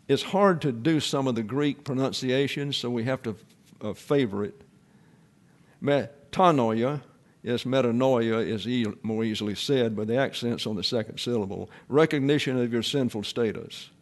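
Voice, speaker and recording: A man giving a Bible class sermon, explaining terms step by step and often saying "okay". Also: medium pitch. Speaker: Bible teacher.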